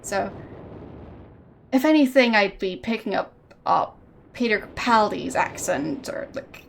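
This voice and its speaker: A woman's voice: medium pitch, animated, a little slow, vocal fry, slight background noise. A young woman streamer with a faint Austrian German accent blended with British tones, chatting casually and hesitantly while gaming. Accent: slight Austrian German, mixed with British. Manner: hesitant, thinking aloud, laughs often.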